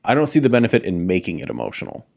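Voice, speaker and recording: A man's voice: deep voice, wildly swooping pitch, racing, gravelly, a little mellow. A man co-hosting a podcast, talking in a blunt, matter-of-fact way and swearing casually. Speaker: podcast co-host. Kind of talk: casual chat.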